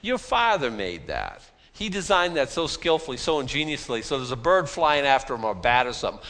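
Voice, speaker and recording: A man preaching a sermon at a middle pitch. He talks in a folksy, self-deprecating way, often restarting his sentences and throwing rhetorical questions at his listeners. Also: big pitch swings, fairly quick, fairly bright tone.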